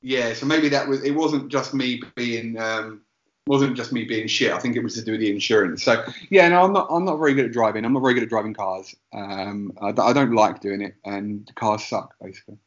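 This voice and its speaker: A man's voice: mid-range voice, a little fast. A man telling a rambling, self-deprecating story in casual podcast chat. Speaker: podcast co-host. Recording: roomy, dull lo-fi sound.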